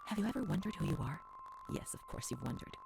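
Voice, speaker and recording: An actress voicing a troubled young woman who reads old asylum records in a hushed, measured, uneasy way, often dropping to a whisper. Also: medium pitch, huge pitch swings, creaky, very noisy, heavily acted. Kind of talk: hushed game narration. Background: game music.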